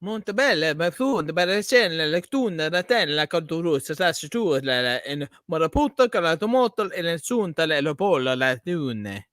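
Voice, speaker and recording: Mock-Italian painter, sing-song gibberish, raised pitch, bright tone, as a man puts him on. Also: big pitch swings, moderate pace, hardly any pauses, no room sound, studio quality. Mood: theatrical. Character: old male painter babbling mock Italian.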